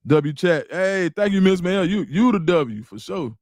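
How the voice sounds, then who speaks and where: A slangy man from Atlanta hosts a casual livestream, reading comments aloud and riffing in a loose, animated way. His voice sits somewhat high for a man. The sound is dry and close, with no room around it. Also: unhurried, no room sound. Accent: Atlanta Black Southern English. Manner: animated, repeats words, slangy, reads chat aloud. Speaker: livestream host.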